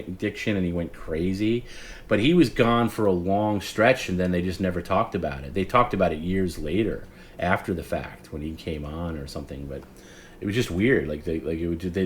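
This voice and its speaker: A man in his forties with a low voice hosts a late-night livestream. He talks in a loose, meandering way, restarting his sentences and acting out remembered callers as he goes. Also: slight background noise. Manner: rambling, self-interrupting storyteller who acts out quoted callers. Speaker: stream host.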